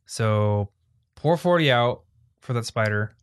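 A man's voice: mid-range voice, expressive, slow pace, clean tone. A young man from Iowa hosts a casual podcast chat with a friend. He rambles through a story with an easy mid-range voice and restarts his sentences as he goes. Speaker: podcast host.

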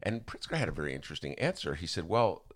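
A male podcast host with a bright, forceful voice that leaps all over his range. He chats casually about politics, rambling and restarting sentences, and plays out other people's words with wild swings in his delivery. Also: racing. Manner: animated, acts out quotes with big pitch swings.

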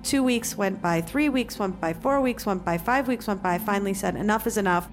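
A woman telling a personal story to an audience, animated and acting out both sides of a conversation. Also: mid-range voice, brisk, soft background music. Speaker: conference speaker.

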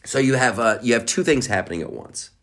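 A man's voice: medium pitch, expressive, brisk, fairly bright tone. A man hosting a podcast, ranting in a crude, sarcastic, rambling way with lots of profanity. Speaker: podcast host. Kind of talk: crude comedic rant.

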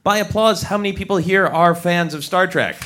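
A man's voice: high-pitched, fairly quick, over a noisy crowd, heavy background noise. A man hosting a live podcast on a theater stage in front of an audience, upbeat and jokey. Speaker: podcast host.

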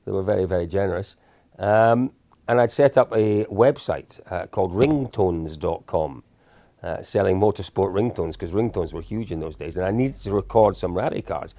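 A man's voice: sits low, moderate pace, mellow, dry recording. A man in his fifties, a guest telling casual stories in a chatty, self-deprecating way with lots of restarts. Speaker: interview guest. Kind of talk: casual storytelling.

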